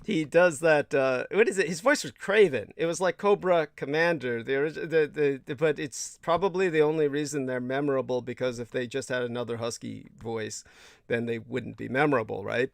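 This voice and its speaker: A man's voice: mid-range voice, steady tone, normal speed, gravelly, dry recording, clean studio sound. A man hosting a casual livestream chat, talking in a rambling way with many stammers and restarts. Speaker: host.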